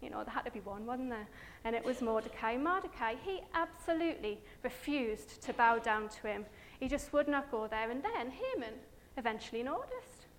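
A woman giving a chatty, animated Bible story talk with slides, full of fillers and asides to her listeners. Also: fairly high pitch, normal speed, few pauses, slight background noise.

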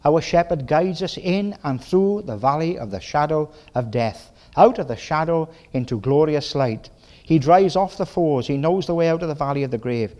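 A middle-aged man with a Welsh accent preaching a sermon in a folksy, lively way, full of tag questions and quick bursts. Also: a little high. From Wales.

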